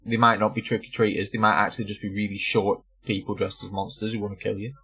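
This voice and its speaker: Bright-voiced laughing man. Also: lowish voice, flat delivery, fast, breathy edge, muffled recording. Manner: swearing, laughing storyteller. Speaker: podcast co-host. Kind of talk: casual chat.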